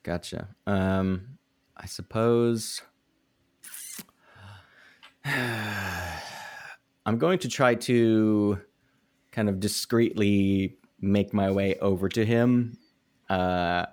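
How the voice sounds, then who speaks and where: A man playing a tabletop game, thinking out loud and hesitant as he plans. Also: on the low side, very slow, long pauses. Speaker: player.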